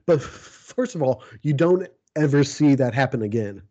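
A man talks casually on a podcast, rambling through his points and laughing under his breath. His voice is mellow and soft-edged, at an ordinary pitch. The recording sounds a little dull and lo-fi. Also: expressive, normal speed, slightly rough. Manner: rambling, chuckles often. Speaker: podcast co-host. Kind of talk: casual chat about a TV show.

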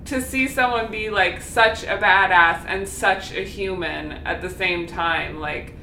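A woman guest in casual chat, animated and laughing often as she talks. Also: mid-range voice, measured pace, reverberant, heavy background noise.

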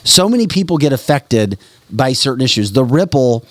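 Measured male co-host. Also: mid-range voice, very animated, no room sound. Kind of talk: casual panel talk.

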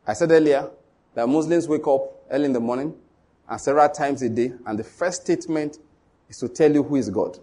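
A man's voice: mid-range voice, fairly quick, mellow. A man preaching a sermon, emphatic and repetitive, often asking the congregation whether they follow.

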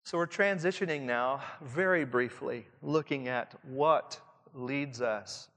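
Slow-preaching Southern Indiana man, hall echo. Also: medium pitch. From Southern Indiana, USA. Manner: reflective, drops to a soft hush for emphasis. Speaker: pastor teaching pastors. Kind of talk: sermon. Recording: long hall reverb.

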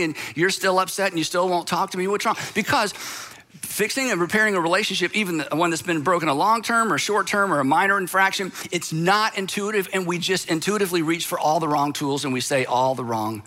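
A man delivers a sermon in an easy, conversational way, leaning on emphasis and slipping into little acted-out quotes. His voice sits high for a man and has a bright, forward edge. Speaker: pastor.

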